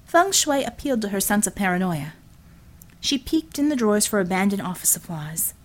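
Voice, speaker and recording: A woman narrating a story for an audiobook, in an expressive storytelling manner. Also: mid-range voice, a little fast.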